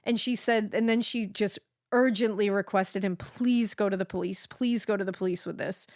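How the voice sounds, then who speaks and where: A woman co-hosting a podcast, telling a true-crime case in a casual, animated way, swearing freely and acting out the quotes. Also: mid-range voice, moderate pace, dry recording, clean studio sound.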